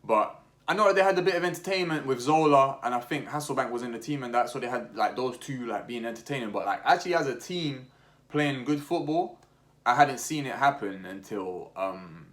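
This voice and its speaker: A man's voice: medium pitch, lively intonation, fairly quick, fairly bright tone. A young man talking casually about football as a podcast host, full of slang, restarts and fillers. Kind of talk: casual opinionated chat.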